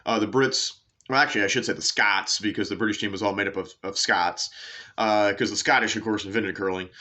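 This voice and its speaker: A man's voice: fairly low pitch, steady tone, fairly quick, pushed and bright. A man hosting a sports show, rambling through a casual monologue with lots of fillers, tangents and casual swearing. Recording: dull lo-fi sound.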